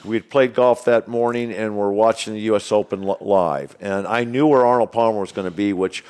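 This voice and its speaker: A man's voice: lowish voice, brisk, clean tone. A man in his sixties telling golf stories in casual chat, acting out the voices of the people in them and laughing often. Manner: animated, acts out voices in anecdotes, laughs often. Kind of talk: casual storytelling.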